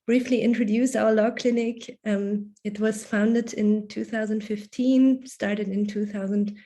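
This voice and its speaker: A woman introduces her student-run law clinic to an online panel over a video call. Her voice is mellow and fairly even in pitch. She speaks fluently, in an organized and steady way. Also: measured pace. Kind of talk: prepared presentation.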